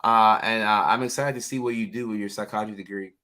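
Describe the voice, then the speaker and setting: A man's voice: lowish voice, steady tone, fast, bright, forceful tone. A man hosting a casual livestream, chatting freely with lots of fillers and reading viewers' names aloud. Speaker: livestream host, mental health clinician.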